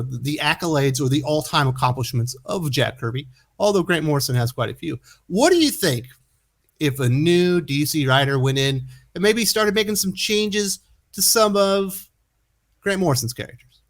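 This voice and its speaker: A man hosts opinion commentary on comic books, sarcastic and incredulous, often chuckling at what he reads. His voice is a little high and a bit bright.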